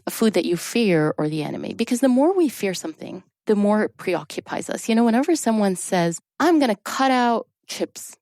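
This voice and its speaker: A woman drama therapist, talking as a podcast guest and explaining her ideas with animated emphasis. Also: mid-range voice, a little fast, few pauses, no echo, clean studio sound. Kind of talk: conversational podcast interview.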